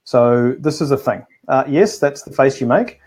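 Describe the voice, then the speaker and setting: A man chats on a live cooking stream, his voice sitting at an everyday middle pitch. He rambles through his points, restarting sentences and filling gaps with ums. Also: animated, normal speed, a little mellow, slightly rough. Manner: chatty, rambling with many restarts and fillers. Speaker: co-host of a live food show. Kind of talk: casual live-stream chat.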